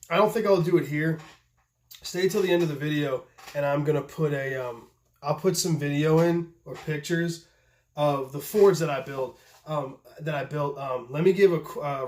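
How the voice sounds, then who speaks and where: Excitable, stammering man, roomy echo. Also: on the high side. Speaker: knife tester and maker. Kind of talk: casual vlog talk. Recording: echoey room.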